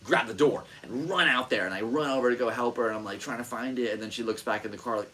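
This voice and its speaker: Talking a little fast with few pauses, a podcast host with a voice on the low side tells an animated story in casual chat. He curses freely and performs the voices of the people he describes. The recording is rough.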